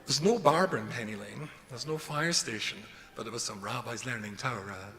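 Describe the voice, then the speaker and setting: A middle-aged rabbi gives a humorous, self-deprecating lecture packed with stories, speaking at medium pitch and a moderate pace with a sharp tone. The hall is reverberant, with faint noise.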